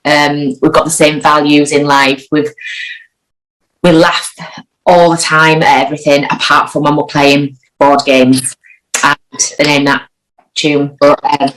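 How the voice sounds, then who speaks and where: A woman, chatting as an interview guest and telling a story with lively acted-out quotes. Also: sits low, measured pace, rough recording. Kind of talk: casual anecdotal chat.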